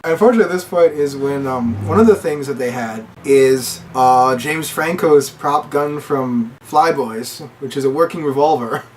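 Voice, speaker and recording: A man casually retelling a movie plot, with lots of "like" fillers, and he jumps into high voices to quote the characters. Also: normal speed, hardly any pauses, recorded from a distance, a little hiss or hum. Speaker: movie reviewer.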